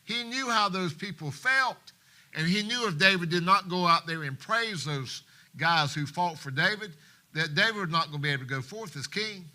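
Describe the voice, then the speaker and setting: A man preaching a sermon in a church, passionate, swinging between hushed tones and loud emphasis, and reading scripture in King James wording. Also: high voice, expressive, normal speed. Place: church live stream.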